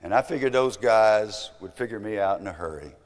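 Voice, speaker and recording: A man in his seventies with a Southern US accent, telling an emphatic motivational story that swings from loud to hushed. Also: lowish voice, expressive, brisk. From American South. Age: 70s. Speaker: speaker. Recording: long hall reverb.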